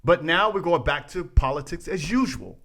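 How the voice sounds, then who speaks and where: A man's voice: on the high side, expressive, moderate pace, gravelly, fairly bright tone. A man co-hosting a podcast, ranting in casual chat, restarting phrases and talking straight to his listeners. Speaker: podcast co-host.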